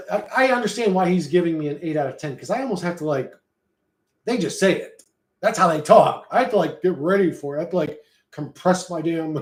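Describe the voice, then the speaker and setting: A man streaming live, chatting loosely with his viewers in a rambling, profane, slangy way. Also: on the high side. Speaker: streamer reading and answering chat. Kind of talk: casual livestream chat. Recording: roomy echo.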